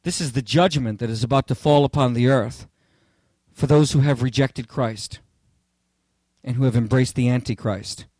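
A man preaching an expository sermon, animated and theatrical, joking with the congregation as he works through the verses. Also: mid-range voice, normal speed, dry recording.

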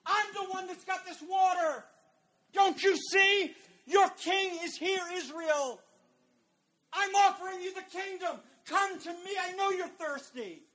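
A male preacher voicing Jesus as an adult man pleading with a crowd, in a soft, raised, pleading tone. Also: unhurried, heavily acted. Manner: high, soft, pleading call.

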